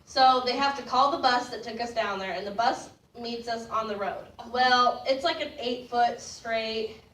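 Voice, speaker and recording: Bright-voiced young woman telling a story. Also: a little high, normal speed, a little hiss or hum. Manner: animated, laughing, voice rising as the story builds. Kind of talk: casual storytelling. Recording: roomy distant mic with faint ambience.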